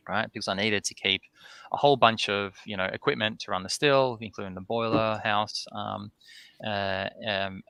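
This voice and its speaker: A man with a gravelly, fried edge tells a long story as a podcast guest, his delivery pushed and forceful. He plays out both sides of remembered conversations. He keeps tagging his sentences with "right?". The sound is close and dry. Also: fairly low pitch, dry recording. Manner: animated anecdote-telling, tags sentences with "right?". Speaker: distillery owner, podcast guest. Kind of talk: casual storytelling in a podcast interview.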